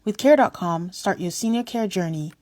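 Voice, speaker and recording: A woman reading a scripted sponsor ad in a smooth, even promotional delivery. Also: mid-range voice, moderate pace. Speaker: ad reader.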